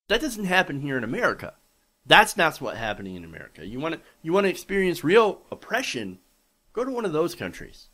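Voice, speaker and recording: A man's voice: medium pitch, fairly bright tone. A man delivering an indignant, sarcastic commentary monologue, calling out bigotry and swearing freely. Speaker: political commentator.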